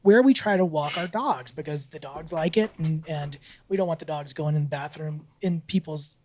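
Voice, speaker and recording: A man co-hosts a podcast, casually telling a story in a slightly high voice at a moderate pace. He's animated, laughs often, and acts out what people said.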